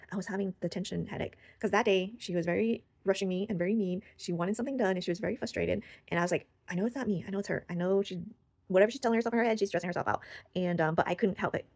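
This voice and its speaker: A woman's voice: fairly low pitch, creaky, darkish tone, dry recording. A young woman sharing a personal story in casual, rambling talk full of fillers and restarts, recorded close on the mic. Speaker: channel host.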